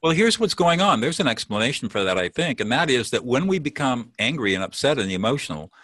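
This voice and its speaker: A man's voice: medium pitch, very animated, fast talker, a bit bright, no room sound. A man teaching as an interview guest. He explains with confidence and acts out short example phrases. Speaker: peacemaker and mediation teacher, guest.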